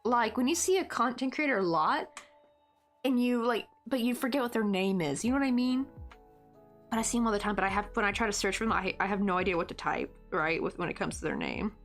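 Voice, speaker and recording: Talking fast in a slightly bright, medium-pitched voice, a late-twenties woman hosts a crochet live stream from home with faint music behind her. She meanders and thinks out loud, filling gaps with fillers and chuckling often.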